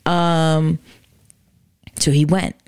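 A woman's voice: low-pitched, level tone, very slow, a little mellow, clear, resonant tone. A woman co-hosting a casual chat, questioning and skeptical, thinking aloud with restarts. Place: Charlotte area, US.

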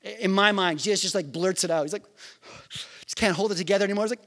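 A man's voice: high voice, fast talker, fairly bright tone. A man preaching a sermon in a conversational way, asking the listeners questions and acting out scripture scenes. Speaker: pastor.

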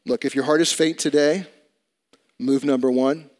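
A pastor preaching a sermon in a conversational way, swinging between loud emphatic bursts and quiet asides. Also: male voice, steady tone, normal speed, pauses often. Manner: conversational preaching with dramatic swings in volume and pitch.

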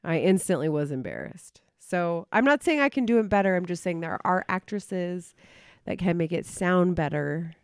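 A woman co-hosting a casual podcast, her voice sitting fairly low for a woman. She talks in an opinionated, animated way and laughs easily. The recording is dry and close. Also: moderate pace, clean tone, no room sound. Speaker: podcast co-host. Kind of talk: casual chat reviewing an old radio show.

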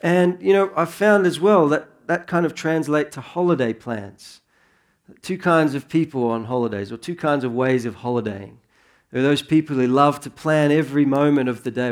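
A man in his thirties preaching a sermon in a relaxed, conversational way that rises into earnest emphasis. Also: a little high, moderate pace. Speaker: pastor.

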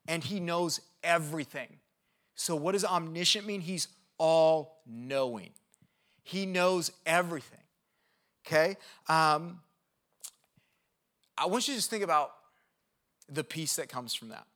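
A man preaching a sermon in a conversational, energetic way, often checking in with his listeners. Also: on the high side. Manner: conversational, checks in with "okay?" and "right?"; energetic and animated, with quick asides. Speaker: pastor.

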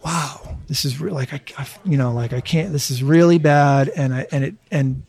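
Halting man in his fifties. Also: mid-range voice, darkish tone. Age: 50s. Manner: halting, many restarts, swears freely. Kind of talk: casual chat.

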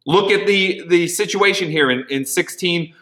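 Earnest bright-voiced male pastor preaching. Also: high voice, normal speed. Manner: earnest, repeats words, drops to quiet asides. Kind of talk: sermon with object lesson.

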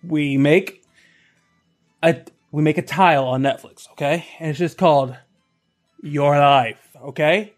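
A man puts on a frantic boss who stammers and hushes everyone to pitch an idea. The voice sits high and pushy. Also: unhurried, long pauses, faint music behind, lightly acted. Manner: stammering, shouting over others. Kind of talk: improvised comedy character.

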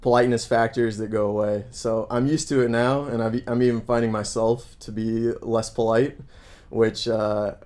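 A man from the United States co-hosting a podcast, talking in a relaxed, conversational way and explaining things plainly. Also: mid-range voice, moderate pace. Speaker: podcast co-host. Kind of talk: casual chat. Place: Santiago, Chile.

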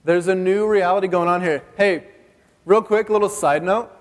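Preaching at normal speed with a high-pitched, steady voice, a male pastor chats and jokes with his congregation, asking them questions. The church hall adds a long reverb.

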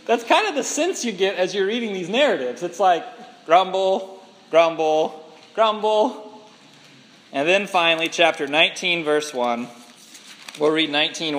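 A man teaching a Bible class in an animated way, laughing often and acting out the people he quotes. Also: high voice, a little hiss or hum. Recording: long hall reverb.

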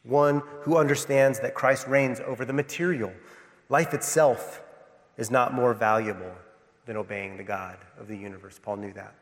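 A male pastor preaching a sermon with passion, swinging between loud emphatic lines and hushed ones. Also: medium pitch, steady tone, moderate pace, big-room sound. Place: church sanctuary.

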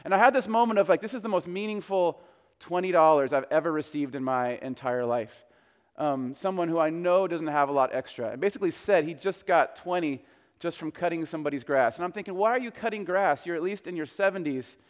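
High, smooth-voiced preacher in a reverberant hall. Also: male voice, a little fast. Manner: conversational storytelling preaching. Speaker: pastor. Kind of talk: sermon.

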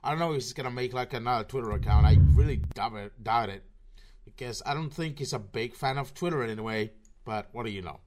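A man hosting his own podcast, rambling through sarcastic, profanity-laden commentary with a slurred, low-energy delivery. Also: quick pace, darkish tone, a little hiss or hum. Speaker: podcast host.

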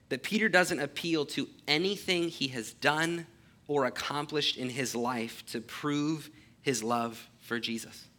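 A man with a bright, forceful voice, pitched a little above most men, preaches an earnest sermon. He reads scripture aloud, then explains it, leaning on key phrases and slowing down to stress them.

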